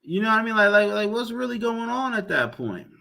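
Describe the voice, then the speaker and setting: High-voiced man ranting in slang. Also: sing-song, a little fast, creaky, sharp tone. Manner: profane, repetitive, exasperated. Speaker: commentary vlogger. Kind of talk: casual rant.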